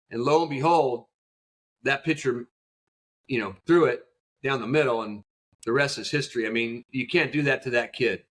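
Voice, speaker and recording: A man, a youth baseball coach, answering as a podcast guest in an animated storytelling way, acting out quotes. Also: medium pitch, fairly quick.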